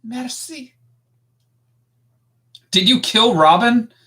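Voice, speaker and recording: Deadpan male co-host chatting. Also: sits high, normal speed. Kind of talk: casual live-stream chat.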